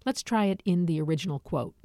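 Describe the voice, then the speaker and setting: A woman narrating a nonfiction book in a measured, explanatory way, dropping in dry, wry asides. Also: fairly low pitch, lively intonation, warm tone, no room sound. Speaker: audiobook narrator. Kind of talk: scripted nonfiction reading.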